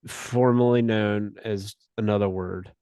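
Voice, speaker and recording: A man's voice: fairly low pitch, fairly even intonation, a little slow, warm tone, clear, resonant tone, no room sound, clean studio sound. A man chatting as a podcast guest, telling a story in an easygoing way, full of "you know" and restarts. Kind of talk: casual chat.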